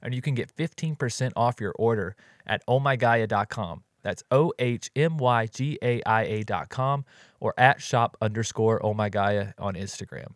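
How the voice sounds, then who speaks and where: A man's voice: lowish voice, normal speed, dry recording, clean studio sound. A man co-hosting a podcast in a laid-back, chatty way, doing a casual ad read and talking with his co-host. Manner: laid-back, chatty, drifts into animated storytelling.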